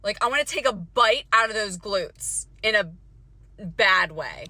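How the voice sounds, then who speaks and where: Casting: woman, feral joking rant, animated bright voice, slow delivery. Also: medium pitch, dry recording. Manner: wild, threatening, laughing. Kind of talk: social media rant.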